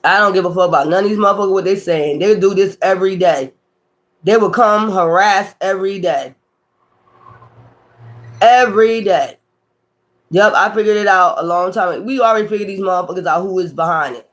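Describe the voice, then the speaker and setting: A man's voice: high-pitched, fairly quick, fairly bright tone. A man reading tarot on his own channel, talking off the cuff in a profane, confrontational rant that waves off his critics as weirdos. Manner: profane, confrontational, repeats taunts; dismissive, calls critics weirdos. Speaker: tarot reader.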